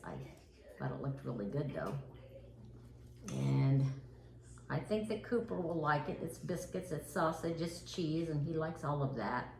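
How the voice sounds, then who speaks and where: A woman's voice: low-pitched, gravelly, a little mellow, a little hiss or hum. An older woman chatting in a homey, casual way as she walks viewers through a cooking demo. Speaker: cooking vlogger.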